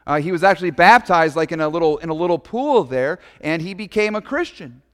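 A man's voice: on the high side, lively intonation, fairly quick, big-room sound. A man, a pastor, preaching a sermon in a conversational, storytelling way with casual asides.

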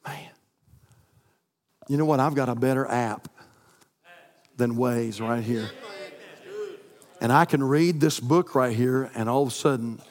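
A man, preaching a sermon as pastor, climbing to near-shouts and dropping to soft prayer. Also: medium pitch, measured pace, long pauses. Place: church sanctuary. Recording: long reverb in a church hall.

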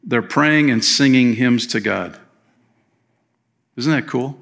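A man preaching a sermon as pastor, telling a story in a relaxed, conversational way with chatty asides. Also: mid-range voice, slow, gravelly. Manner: slips into playful voices for quoted people.

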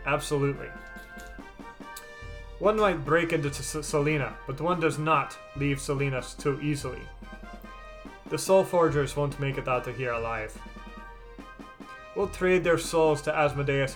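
A man voicing a cold, scheming male villain who speaks slowly and with menace. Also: a little high, fairly bright tone, soft background music, close to an everyday voice. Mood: menacing. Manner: slow, menacing, commanding.

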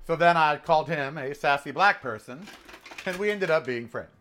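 A man in his forties from Southern California tells a story while cooking for his home vlog. His voice is a little high and his pace normal, and his delivery is casual, sassy and animated.

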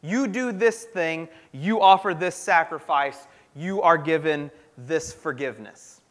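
At a measured pace, a pastor with a notably high and fairly bright voice gives a sermon. He speaks earnestly and conversationally, repeatedly circling back to begin his sentences again.

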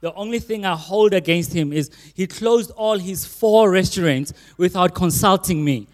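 A man's voice: sits high, moderate pace. A man hosting a church service, reading out a guest's bio with teasing asides. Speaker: church host introducing the speaker. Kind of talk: reading a speaker introduction. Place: church auditorium. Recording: long hall reverb.

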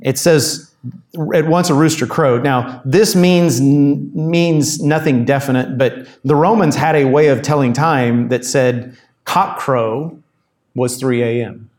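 A man's voice: mid-range voice, slow pace, darkish tone. A man preaching a conversational sermon as a pastor, reading and explaining scripture. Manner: conversational Bible teaching, reads scripture aloud.

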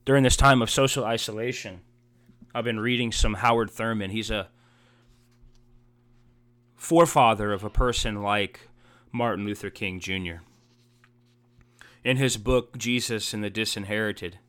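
A man's voice: lowish voice, measured pace, pauses often, fairly bright tone, dry recording. A man preaching a heartfelt sermon as a pastor, earnest and emotional, building emphasis through repeated phrases.

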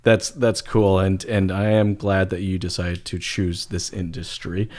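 A man's voice: sits low, level tone, measured pace, a little mellow. A man hosting a podcast in casual chat, upbeat and joking, with many fillers. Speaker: podcast host.

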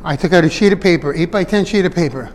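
A high-voiced man talks straight to his viewers like a business coach, rambling through side stories and chuckling at himself. His voice rings out with a long reverb trailing behind it. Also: fast. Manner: chatty, digressive, laughs at his own stories. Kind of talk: casual motivational talk to viewers.

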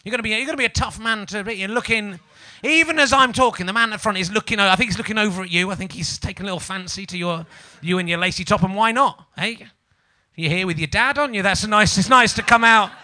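A man's voice: high-pitched, fast, bright, forceful tone. A man with a Yorkshire accent hosting a live comedy podcast, rambling, swearing and teasing the audience. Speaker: stand-up comedian and podcast host.

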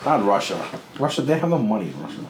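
A man's voice: on the low side, big pitch swings, fast, reverberant, a little hiss or hum. A man co-hosting a casual chat, laid-back, swearing and restarting his sentences. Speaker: co-host.

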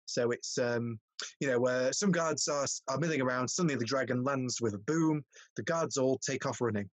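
A man reading stage directions aloud in a casual podcast, stumbling and restarting as he goes. His voice is husky and the recording is dry and close. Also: medium pitch, normal speed, dry recording, low-quality recording. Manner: stumbling, laughing read.

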